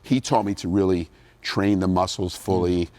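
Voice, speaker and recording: A middle-aged former pro bodybuilder from New Jersey, USA, tells his story in a casual interview, his voice sitting low at a moderate pace with no echo. He's an animated storyteller who acts out what people said to him.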